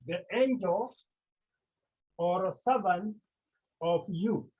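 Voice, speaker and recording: A teacher giving a class lecture, speaking slowly and deliberately and sounding out words syllable by syllable, with questions put to the class and then answered. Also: medium pitch, husky. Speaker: Greek teacher. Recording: tinny phone-like online class audio.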